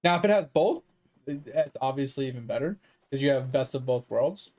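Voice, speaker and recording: A man's voice: mid-range voice, expressive, a little fast, darkish tone. A man streaming games, ranting casually and profanely to his chat. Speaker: game streamer.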